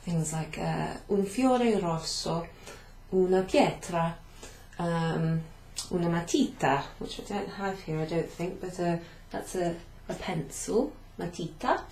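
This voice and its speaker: Slow and a little mellow, with a voice on the low side, this teacher patiently walks back through a beginner Italian class, repeating phrases. She writes on a whiteboard while talking, turning away at moments, and the room echoes with a faint hum.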